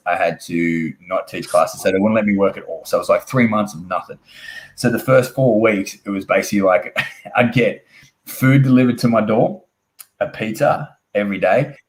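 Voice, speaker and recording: A man's voice: lowish voice, reverberant. A young Australian man, a wrestler guest, telling a rambling, swearing anecdote and acting out the dialogue. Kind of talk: casual storytelling interview.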